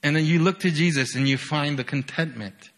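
Energetic young male preacher, bright voice. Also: fairly quick. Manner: energetic, keeps asking "right?"; swings from loud bursts to quiet low lines. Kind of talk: sermon.

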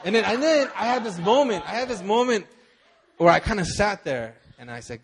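A man's voice: high voice, very animated, a little fast, a faint crowd. A young man preaching a sermon, telling a personal story with many fillers and repeated words. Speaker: pastor.

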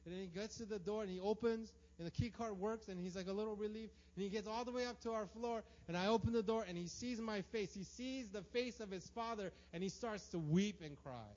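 A man's voice: high-pitched, fairly quick, few pauses, a little mellow. A man preaching a sermon, emphatic and acting out the prayers and voices he quotes. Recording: dull lo-fi sound.

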